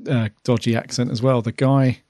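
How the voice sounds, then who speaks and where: A man's voice: medium pitch, fairly even intonation, normal speed, mellow, no echo, studio quality. A man co-hosting a podcast, chatting in an easygoing, agreeable way. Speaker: podcast co-host. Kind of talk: casual chat.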